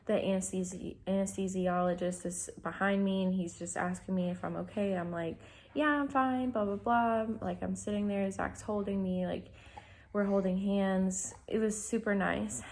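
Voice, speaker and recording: A woman's voice: medium pitch, a little mellow. A young adult woman telling a personal story in a casual vlog, rambling with many fillers and restarts. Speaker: vlogger.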